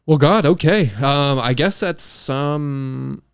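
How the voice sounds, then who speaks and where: A young man co-hosting a podcast in a smooth, resonant voice, recorded dry and close on a studio mic. He rambles and hesitates, stopping to retake his lines in comedic banter. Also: fairly high pitch, slow pace, no echo. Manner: hesitant, restarts and retakes often. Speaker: podcast co-host.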